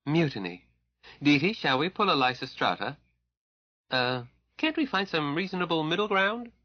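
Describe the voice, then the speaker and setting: A man's voice: on the high side, very animated, moderate pace, no echo, muffled recording, voice pushed up. A man reading an audiobook, voicing a bold, bossy woman who captains a ship and teases her crew. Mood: teasing. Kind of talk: audiobook character voice.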